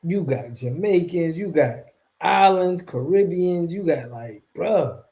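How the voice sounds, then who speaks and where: On a casual livestream, a channel host rambles back at his chat in slangy, relaxed talk, laughing frequently. He speaks slowly and expressively in a mellow, slightly high voice with vocal fry, over a rough recording.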